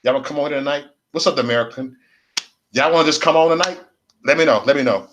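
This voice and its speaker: A man's voice: fairly high pitch, quick pace, background noise. A man hosting a casual livestream rant, rambling and repeating himself in slangy, profane street talk. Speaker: livestream host.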